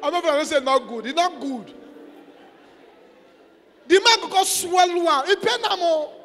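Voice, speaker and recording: A Nigerian pastor with a very high, bright, cutting voice, preaching in a playful, exhorting way and now and then shouting. His voice rings in an echoey church hall. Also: normal speed, faint music behind. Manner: mixes Pidgin, exhorting, playful, bursts into shouts. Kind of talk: sermon.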